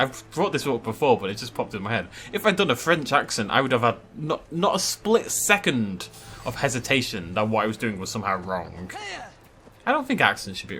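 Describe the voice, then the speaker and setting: A man chatting casually and excitably over his gameplay, swearing lightly as he goes. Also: mid-range voice. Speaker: let's play host.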